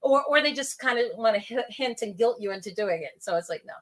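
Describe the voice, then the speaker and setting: A middle-aged woman from New York talking casually, telling animated stories and acting out the voices of people she quotes. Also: fairly high pitch, fast. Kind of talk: casual conversation.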